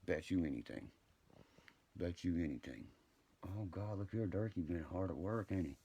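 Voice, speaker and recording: Gravelly, low-voiced man ranting profanely. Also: expressive, normal speed, mellow. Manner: profane, combative, rambling. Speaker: livestreamer. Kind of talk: rambling livestream rant.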